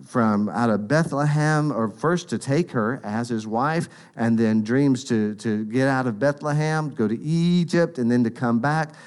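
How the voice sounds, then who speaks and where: Guy preaching, earnest and chatty, mid-pitched voice. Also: a little mellow, smooth. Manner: conversational, earnest storytelling. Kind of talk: sermon.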